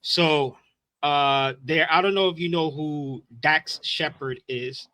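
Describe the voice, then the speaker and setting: A man co-hosting a podcast, excitable and profane, reacting quickly and telling his own stories. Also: fairly high pitch, no room sound. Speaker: podcast co-host. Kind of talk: casual chat, storytelling.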